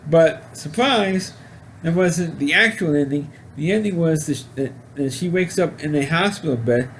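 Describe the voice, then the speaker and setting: Male film reviewer, higher-pitched, halting and rambling casual delivery. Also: animated, a little hiss or hum. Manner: rambling, halting, with frequent restarts. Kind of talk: casual spoken movie review.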